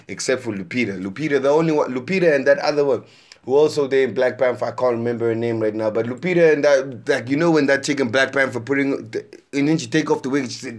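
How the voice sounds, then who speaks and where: Exasperated young man ranting profanely. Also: mid-range voice. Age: 20s. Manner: exasperated, profane, repeats himself for emphasis. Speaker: podcast host reacting to interview clips. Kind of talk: profane casual rant.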